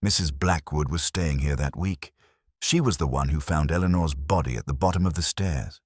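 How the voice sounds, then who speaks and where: A grieving old colonel, played by a man, hoarse and shaken. The voice is very low and husky, recorded dry and close. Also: normal speed, dry recording.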